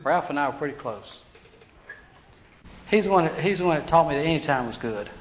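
A man preaching a storytelling sermon, animated, acting out the voices of people he quotes. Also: fairly high pitch, brisk. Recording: dull lo-fi sound with faint hiss.

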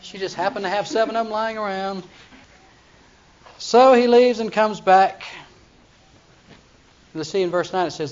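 A man's voice: high-pitched, measured pace, long pauses. A man preaching a humorous sermon, telling the story playfully with chuckles, in a dull lo-fi recording.

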